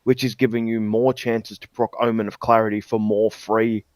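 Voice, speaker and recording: Man, podcast co-host, lowish voice, confident explainer, dry recording. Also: flat delivery, normal speed, no echo. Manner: confident, explains game mechanics at length. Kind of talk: casual podcast chat.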